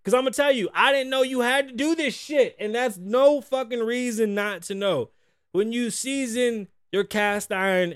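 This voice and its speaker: High-voiced man ranting casually in a dry studio. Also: dry recording. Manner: animated, swearing, acts out quotes in loud bursts. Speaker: podcast host. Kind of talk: casual profane talk-show rant.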